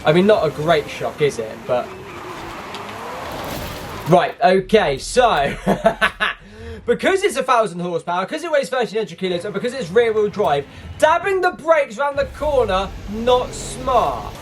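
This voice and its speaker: A man commentates his own racing game run in a high, bouncy voice that swings all over the place. He is excitable and easily frustrated, and his rough, noisy mic picks up the whine of game engines behind him. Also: a little slow. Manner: excitable, bursts into frustrated shouts. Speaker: gaming YouTuber.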